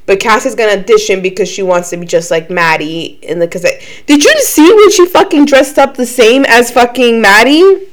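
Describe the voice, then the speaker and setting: With a slightly high voice at normal speed, she co-hosts a podcast as a young woman, laughing often and swearing a lot in easygoing conversation.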